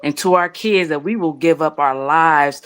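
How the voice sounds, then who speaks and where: Female debate host, measured and reflective, calm. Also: deep voice, clean tone. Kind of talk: live debate hosting.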